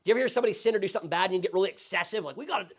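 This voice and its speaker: A male pastor teaching a Sunday school Bible study in a conversational, animated way, often checking in with the class. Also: high-pitched, rapid-fire. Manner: conversational, animated, frequent tag questions.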